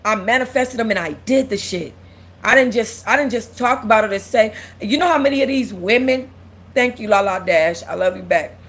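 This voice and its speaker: On the high side and at normal speed, a young woman's voice carries an emotional, casual livestream she's hosting. She talks candidly and close to tears, often repeating herself and reading out viewers' comments to answer them.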